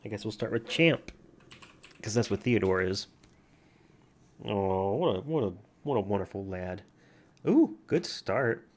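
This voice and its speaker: A man's voice: fairly low pitch, normal speed, long pauses. A man vlogging casually at home with a soothing, easygoing voice, chatting while playing a word game and talking to his cat. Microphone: computer mic from farther back than usual.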